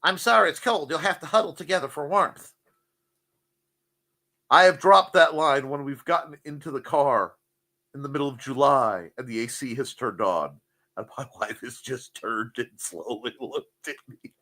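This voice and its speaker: A man's voice: medium pitch, normal speed, bright, forceful tone. A man hosting a casual morning show, joking, rambling and reading out chat messages. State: cold.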